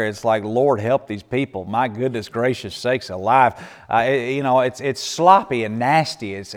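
A man, telling folksy stories and answering questions as a missionary speaker, laughing often and restarting his sentences. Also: medium pitch. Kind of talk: church Q&A talk. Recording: echoey hall with long reverb.

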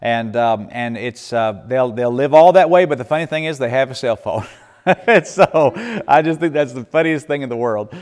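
A man with a mid-range, slightly mellow, clean voice speaks at a moderate pace as a missionary at a church Q&A. He tells folksy stories and answers questions, laughing often and restarting his sentences. The recording is from an echoey hall with long reverb.

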